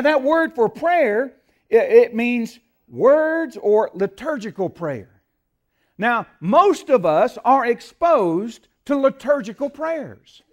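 High-voiced preacher swelling to loud peaks. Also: male voice. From United States. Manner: emphatic, rising to loud peaks on scripture quotes; asks the congregation to fill in words. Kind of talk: sermon.

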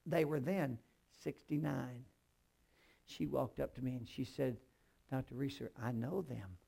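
A man's voice: medium pitch, steady tone, measured pace, creaky, warm tone, slightly rough. A man preaching a sermon, telling stories and acting out both sides of each conversation while speaking straight to the congregation. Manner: storytelling, acts out dialogue in quotes; addresses the congregation directly.

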